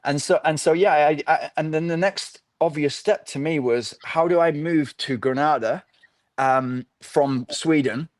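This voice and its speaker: A middle-aged ultra runner from the north of England tells his story as a podcast guest, rambling easygoingly and restarting often in casual interview chat. His voice is on the high side with a measured pace and no room sound.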